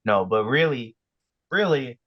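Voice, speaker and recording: A man's voice: medium pitch, animated, measured pace. A young man guest on a casual podcast, telling his story in a laid-back, joking way. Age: young adult. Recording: dry, dull lo-fi mic.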